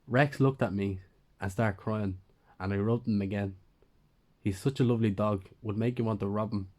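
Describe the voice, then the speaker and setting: A man narrates a first-person horror story with a lowish voice. His telling is plain and conversational, like someone recounting events to a friend. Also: steady tone, normal speed, a little mellow.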